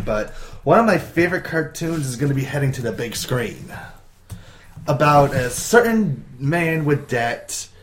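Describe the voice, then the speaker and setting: A man of middling pitch co-hosts a loose, casual talk show. He rattles off dates and news facts in a chatty way, with the odd "uh" between them. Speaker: co-host presenting entertainment news. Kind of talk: casual amateur show chat.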